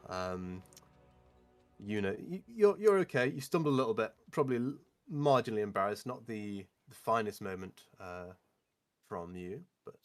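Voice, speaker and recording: Brief: unhurried man running a tabletop game, lowish voice, faint music under. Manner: relaxed, hesitant, many fillers. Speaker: game master.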